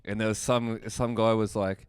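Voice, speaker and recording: A man's voice: lowish voice, level tone, normal speed, clean tone, no echo. An Australian man co-hosting a comedy podcast, chatting casually with dry one-liners. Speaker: podcast co-host.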